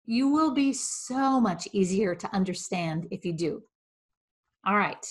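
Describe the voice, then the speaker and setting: A middle-aged woman speech coach giving an instructional tip about clear speaking, with careful, exaggerated diction. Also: mid-range voice, expressive, unhurried. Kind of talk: instructional video.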